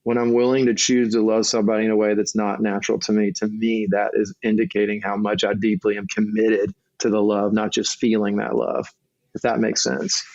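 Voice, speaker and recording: Flat-voiced earnest middle-aged man. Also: on the low side, brisk, vocal fry, no echo. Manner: earnest, restarts often. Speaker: marriage coach, guest. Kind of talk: casual conversation. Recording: dull lo-fi recording.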